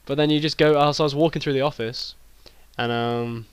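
A young British man telling a rambling, deadpan comedy story with many restarts, as a podcast co-host. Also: mid-range voice, a little fast, very noisy. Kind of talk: improvised comedy chat.

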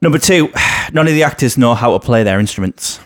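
A man hosting a casual podcast, reading out film trivia in a halting, rambling way with many restarts. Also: medium pitch, lively intonation, dry recording, studio quality.

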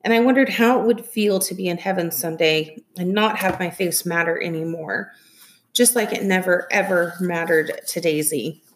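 A woman reading a novel aloud in soft, steady storytelling. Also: lowish voice, moderate pace, a little hiss or hum. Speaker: reader.

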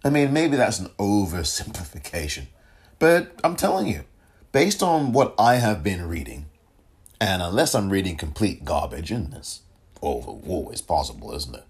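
Low husky guy doing a chatty podcast, voice goes up and down a lot, keeps laughing and backtracking. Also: sing-song, moderate pace. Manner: rambling, chuckling, self-correcting. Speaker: podcast host. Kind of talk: casual solo commentary.

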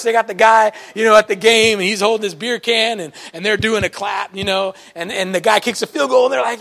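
A male pastor preaching to his congregation with a high, bright voice and a gravelly edge. He tells folksy stories, animated and colloquial, and now and then rises into a shout. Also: a little fast. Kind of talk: sermon. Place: church service before a congregation.

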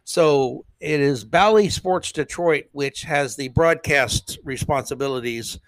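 A man hosting a podcast, giving casual, opinionated commentary that rambles with frequent "uh" pauses. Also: a little high, no room sound. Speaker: podcast host.

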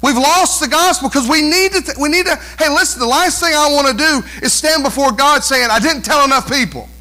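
A man preaches to his church in a strikingly high, bright voice. He drives each point home with rhetorical questions and emphatic repetition. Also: a little fast, low-quality recording. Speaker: pastor. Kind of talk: sermon.

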